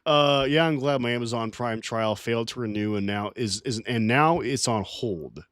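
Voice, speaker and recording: A man's voice: mid-range voice, normal speed, a bit bright, no echo, studio quality. A man on a live stream working through chat comments in a profane, rambling, heated rant. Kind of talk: casual livestream rant.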